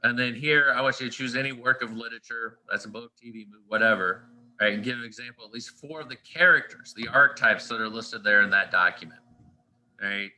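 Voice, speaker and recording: Bright-voiced male teacher, casual lecture. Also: medium pitch, a little fast, rough recording. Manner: conversational, checks in often with "all right" and "right?".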